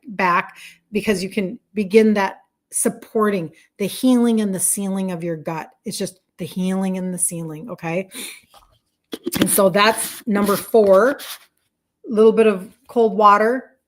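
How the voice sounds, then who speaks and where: A woman in her sixties, a wellness coach chatting effusively with viewers on a live stream, rambling and laughing as she talks. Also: medium pitch. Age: 60s. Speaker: wellness coach selling supplements.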